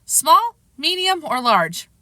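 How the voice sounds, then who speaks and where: A skeptical male Little League coach, voiced by a woman reading aloud, pressing a boy with dry, persistent questions. The delivery is bright and pitched up. The sound is dry and close. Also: big pitch swings, a little slow, dry recording, full character voice. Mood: matter-of-fact.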